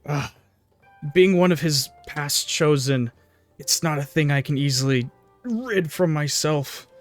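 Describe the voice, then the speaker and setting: A man voicing an old, cursed male minotaur who sobs and pleads in halting, broken phrases. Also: a little high, faint music behind, natural voice. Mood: sorrowful pleading.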